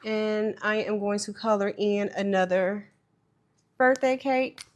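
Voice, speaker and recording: A woman with a mid-range voice slowly walks viewers through stuffing cash into budget envelopes, chatty and self-deprecating. She's tearful, and her voice breaks.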